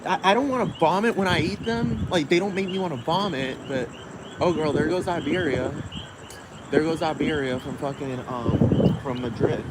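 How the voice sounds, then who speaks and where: A man's voice: on the high side, moderate pace. A man hosting a one-man podcast outdoors, ranting casually with lots of profanity and constant "like" fillers. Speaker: podcast host. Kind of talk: casual rambling monologue. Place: outdoors near a road with passing traffic. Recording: loud outdoor traffic noise. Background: cars and street traffic.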